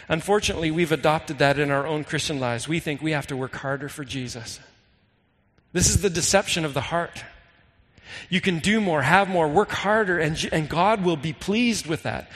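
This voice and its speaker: A man's voice: a little high, lively intonation, fairly bright tone. Earnest male pastor in a reverberant hall. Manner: earnest, reads scripture slowly and dramatically. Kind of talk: sermon.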